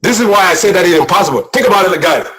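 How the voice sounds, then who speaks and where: Brief: male guest preacher, high-pitched, fervent and emotional, sermon delivery. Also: expressive, rapid-fire, rough recording. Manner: impassioned, repetitive, rising to shouts. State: emotional, near tears.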